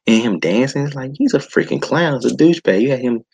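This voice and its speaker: A man's voice: mid-range voice, animated, fast, creaky, darkish tone, breathy edge, low-quality recording. A man hosting a podcast, ranting in a casual, exasperated way with sighs and restarts. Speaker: podcast host. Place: home setup.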